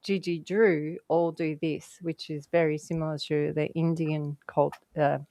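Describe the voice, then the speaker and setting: A woman's voice: deep voice, little pitch movement, unhurried, dark tone, no echo. A woman guest telling stories in casual conversation, chatty and rambling, laughing often.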